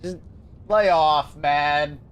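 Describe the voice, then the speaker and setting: A man chatting casually on a livestream, laughing often and thanking viewers excitedly. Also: on the high side, drawn-out words, smooth. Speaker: streamer.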